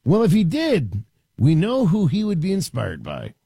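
A man hosting talk radio, his husky voice pitched high and swinging widely as he mocks and riffs. He is close on a studio mic in a dry, dead room, sounding sarcastic and conversational. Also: wildly swooping pitch, moderate pace, dark tone, dry recording. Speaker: radio talk show host. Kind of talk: opinionated talk radio monologue.

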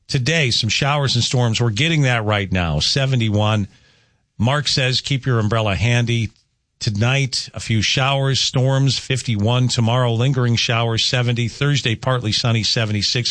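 A man's voice: medium pitch, a bit bright, dry recording. A man hosting a morning radio show, reading the forecast and teasing a caller in an easygoing way. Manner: easygoing, teasing, some filler uhs. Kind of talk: radio host chat and forecast. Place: radio studio. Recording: dry close studio mic.

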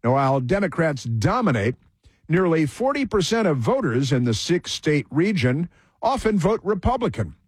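A man's voice: fairly high pitch, sing-song, moderate pace, breathy edge, no echo. A man hosting a political talk show, giving opinionated, sarcastic commentary that rambles with restarts and fillers.

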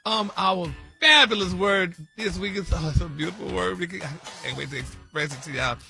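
A man's voice: high-pitched, fairly quick, creaky, sharp tone, soft background music. A man doing a playful comedy bit on morning radio, stumbling as he spells out a word. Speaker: radio show regular.

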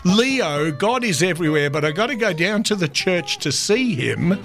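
Male radio host, slightly high voice, playful, music bed underneath. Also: sing-song, normal speed. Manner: playful, jumps into silly put-on voices and tongue twisters. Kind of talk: casual radio banter.

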